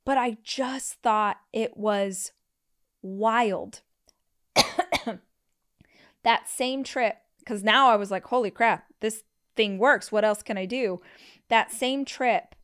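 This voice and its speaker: A woman in her thirties, a podcast host, telling personal stories in a casual way, acting out what people said with big jumps in her voice and lots of "like" fillers. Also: clean tone. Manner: animated, acts out quotes with big pitch jumps; frequent "like" fillers. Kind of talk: casual storytelling.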